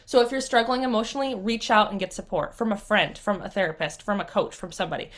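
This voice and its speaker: A woman's voice: mid-range voice, fast talker, fairly bright tone. Woman, vlogger, raw, emotional, rambling, swearing, near tears. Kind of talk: emotional live vlog to viewers.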